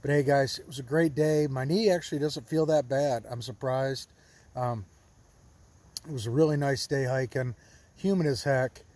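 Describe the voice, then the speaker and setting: A man hiking a long trail, talking casually and warmly to his camera outdoors, upbeat and easily moved. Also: medium pitch, steady tone, moderate pace. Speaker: long-distance hiker vlogger.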